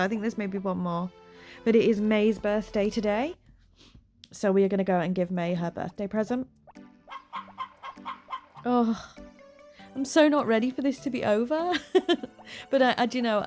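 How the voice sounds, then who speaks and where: A woman's voice: medium pitch, a little mellow. A woman hosting a game playthrough, chatting casually, often laughing and close to tears. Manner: chatty, giggly, flustered. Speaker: gaming channel host.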